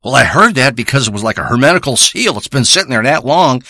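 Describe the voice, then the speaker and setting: In a clean studio with no echo, a man plays a crude, rambling treasure hunter who brags and curses his way through an improvised comic monologue. His medium-pitched voice is expressive and sharp, moving at a quick pace in a boastful mood.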